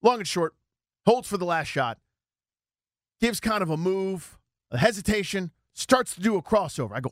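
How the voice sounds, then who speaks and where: A man's voice: high voice, moderate pace, pauses often, dry recording, clean studio sound. A man in his forties hosting a sports radio show, telling a story with self-mocking humor. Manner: storytelling, self-deprecating, animated. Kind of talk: casual sports talk. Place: radio studio.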